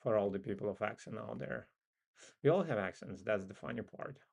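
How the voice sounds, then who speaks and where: A man's voice: fairly low pitch, a little fast, gravelly, a little mellow, slightly rough. A man with a non-native English accent hosts a casual live trading stream. He muses and thinks aloud with frequent ums. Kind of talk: casual live market commentary.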